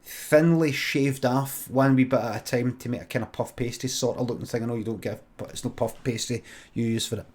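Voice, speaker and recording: Deadpan Scottish man telling a story. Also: mid-range voice. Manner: deadpan, halting, with restarts. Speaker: streamer. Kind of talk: improvised comic storytelling.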